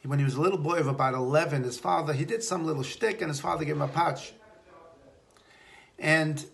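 A man, a rabbi, giving a Torah talk on prayer and telling stories, slowing down to stress key points. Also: on the high side, vocal fry. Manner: storytelling, slows for emphasis.

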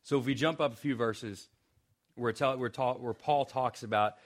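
A young male pastor preaching in a loose, conversational way, often restarting phrases. He slips in joking asides and keeps his voice at an ordinary middle pitch. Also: normal speed. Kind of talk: sermon.

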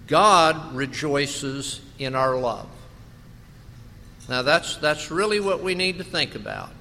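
Male pastor, slow deliberate delivery, bright forceful tone, big church reverb. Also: on the high side, lively intonation, vocal fry, a little hiss or hum. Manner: slow, emphatic preaching with rhetorical questions. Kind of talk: sermon.

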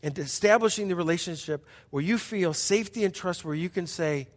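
Middle-aged pastor preaching in a hall. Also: male voice, high-pitched. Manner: emphatic, repetitive, dramatic pauses and hushed passages. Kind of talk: sermon storytelling. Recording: long hall reverb.

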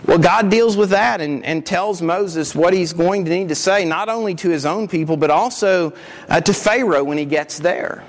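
High-voiced man preaching a sermon. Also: normal speed. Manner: earnest, repeats words when restarting. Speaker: pastor.

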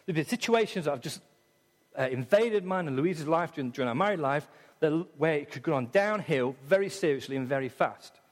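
A middle-aged man with an English accent preaching a sermon, dramatic, acting out voices in quotes and swinging between loud and soft. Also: on the high side, lively intonation, brisk, long reverb tail. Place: church hall.

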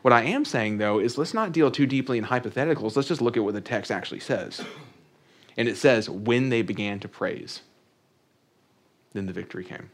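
Male pastor, middle pitch, chatty sermon with scripture readings and humor. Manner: conversational with joking asides; reads scripture aloud.

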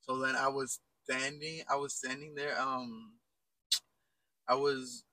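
A man's voice: medium pitch, flat delivery, slow pace, sharp tone, rough recording. A young man co-hosting a casual podcast, losing his train of thought as he tells an embarrassing story. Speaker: podcast co-host. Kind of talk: casual chat.

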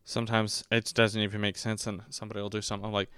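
A man in his twenties chatting casually about a movie, rambling and self-mocking, often breaking into squeaky high put-on voices. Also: monotone, rapid-fire, fairly bright tone, smooth, dry recording, studio quality. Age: 20s. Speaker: podcast host reviewing a movie.

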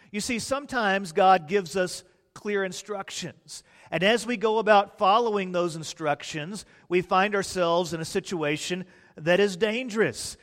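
A man preaching a sermon, swinging from hushed, drawn-out words to loud, excited bursts as he acts out the disciples' panic. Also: sits high, big-room sound.

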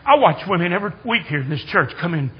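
An older man preaching a sermon in a church, telling folksy stories and building to excited shouts. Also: high-pitched, fast, slightly rough, highs cut off. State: hard of hearing. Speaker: guest preacher. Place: church sanctuary.

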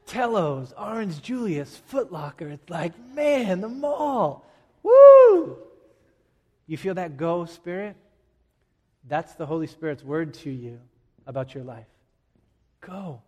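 A man preaching a sermon as pastor, animated and joking, swinging between loud shouts and quiet asides. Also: on the high side. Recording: long reverb of a large hall.

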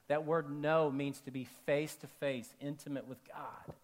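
A man preaching a sermon to a congregation, animated, acting out quoted voices and dropping to soft, intimate tones for emphasis. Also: fairly high pitch, moderate pace. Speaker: pastor. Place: church auditorium with a congregation.

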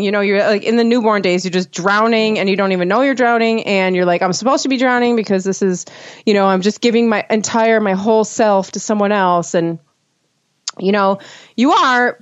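A chatty woman, a mother of two, in a casual podcast conversation, piling up fillers and restarting her sentences as she goes. Her voice sits at a middling pitch. The recording is muffled and lo-fi, and completely dry, with no room sound. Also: smooth, dry recording. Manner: animated, rambling, many fillers and restarts. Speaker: mother of two sharing parenting experience.

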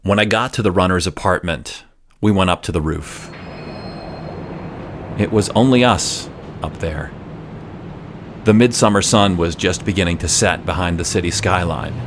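A young adult man telling a personal story in a reflective, measured first-person way. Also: low-pitched, background noise.

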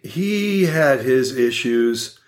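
A man's voice: mid-range voice, very slow. A man around sixty, an oral surgeon, telling funny family stories as a podcast guest in a wry, laughing way. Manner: animated, wry and laughing, with quoted voices. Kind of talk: casual storytelling in a podcast interview.

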